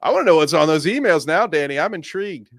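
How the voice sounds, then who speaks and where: Animated sarcastic man. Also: a little high, quick pace, no room sound, clean studio sound. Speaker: podcast co-host. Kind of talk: casual chat.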